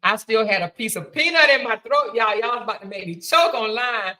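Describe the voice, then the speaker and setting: A woman hosting a live stream, reading out viewer super chats, excitable, chanting and shouting thanks, swearing casually and laughing often. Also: on the high side, brisk, poor audio. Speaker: livestream host.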